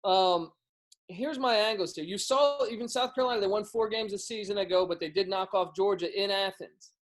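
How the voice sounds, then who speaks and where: A man with a high voice for a man, breaking down games as a guest on a sports podcast. He talks quickly and loosely, stumbling and restarting phrases as his thoughts run ahead. He comes across as a casual, chatty analyst on a video call. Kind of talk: casual sports betting talk.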